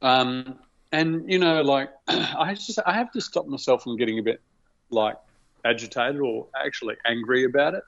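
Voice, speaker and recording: A man's voice: mid-range voice, moderate pace, creaky, fairly bright tone, no echo. Male podcast co-host, hesitant and laid-back, dry muffled recording. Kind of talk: casual podcast chat. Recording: dry, dull lo-fi line.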